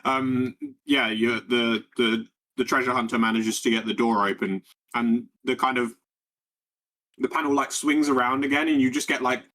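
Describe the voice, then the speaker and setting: A man's voice: medium pitch, fairly even intonation, normal speed, fairly bright tone. A man running a tabletop game as game master, rambling and laid-back with many fillers.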